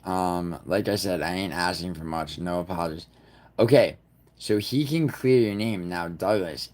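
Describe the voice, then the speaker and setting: A man's voice: deep voice, animated, a little slow, darkish tone. A man hosting a livestream in a rambling, profane way, talking straight to his chat. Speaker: livestream host. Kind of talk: casual livestream chat with viewers.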